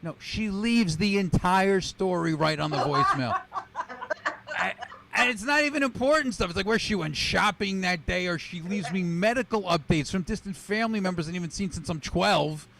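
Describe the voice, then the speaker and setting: A male comedian works through a wisecracking, self-deprecating stand-up set, voice sitting fairly high. He performs over a video call. Steady noise runs under the audio. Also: normal speed, gravelly. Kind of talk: stand-up routine.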